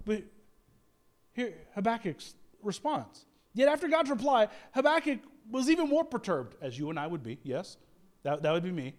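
High-voiced pastor, animated sermon. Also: male voice, brisk. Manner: animated, acts out quoted prayers, self-deprecating humor, frequent laughs.

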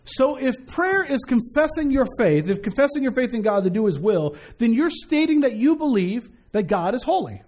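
A man preaches from the pulpit with a strikingly high voice that leaps up and down expressively. He keeps the sermon conversational, breaking off to tease the congregation before returning to his point. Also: sing-song, normal speed, hardly any pauses, darkish tone. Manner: conversational, joking asides to the congregation. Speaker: pastor. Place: church sanctuary.

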